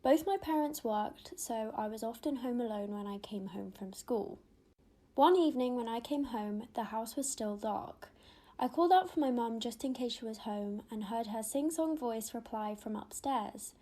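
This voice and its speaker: A woman telling a spooky childhood story in a hushed voice that drops to a whisper. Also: fairly high pitch, moderate pace.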